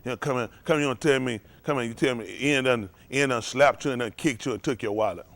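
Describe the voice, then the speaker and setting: A man pastor preaching a sermon, animated and acting out voices. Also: medium pitch, fast. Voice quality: animated preaching with acted-out voices, laughing and shouting at times.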